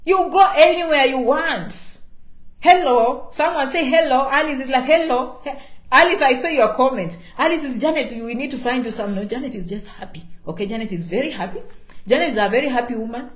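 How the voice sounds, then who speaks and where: Woman vlogger, foreign-accented English, high voice, emphatic and repetitive, roomy echo. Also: fairly quick. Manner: emphatic, repeats key words, refers to herself by name. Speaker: vlogger giving immigration advice. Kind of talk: casual direct-to-camera talk.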